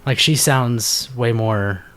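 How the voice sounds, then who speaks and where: A man's voice: mid-range voice, slow pace, a bit bright, a little hiss or hum. A man hosting a podcast in casual chat, rambling with many fillers and restarts. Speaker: podcast host.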